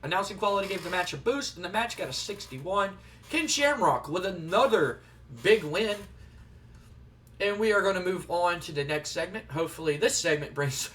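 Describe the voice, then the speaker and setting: A man's voice: sits high, fairly bright tone. Rambling man doing game commentary. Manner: rambling, conversational. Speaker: let's player. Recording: distant from the mic.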